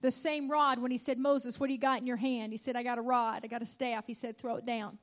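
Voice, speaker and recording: A woman preaches with a high, bright-edged voice. She leans on repetition and punctuates her points with cries of hallelujah. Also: little pitch movement, fast. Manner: emphatic, repeats lines, calls out hallelujah. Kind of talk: sermon.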